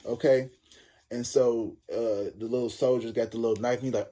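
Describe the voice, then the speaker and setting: A man's voice: medium pitch, quick pace, dark tone, husky. A man giving a casual tarot reading, rambling and cursing as he jokes through a story. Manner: rambling, profane, joking storyteller. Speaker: tarot reader.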